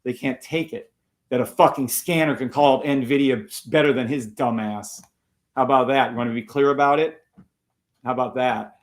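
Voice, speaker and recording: A man's voice: mid-range voice, fairly even intonation, normal speed. A man hosting a live trading stream, taunting and swearing at viewers in a combative way.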